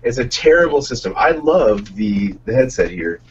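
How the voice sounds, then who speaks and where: Brief: male podcast co-host, rambling explainer, husky tone, sounds far off and dull. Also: medium pitch, big pitch swings, moderate pace. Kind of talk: casual chat. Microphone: desktop condenser mic on a boom arm.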